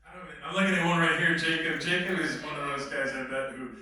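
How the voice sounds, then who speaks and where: A man's voice: fairly high pitch, fast, sharp tone. A man, an actor, telling stories in an emphatic, blunt way with some swearing, as a guest at a filmmaker workshop. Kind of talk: animated storytelling in conversation. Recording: very echoey room, distant mic.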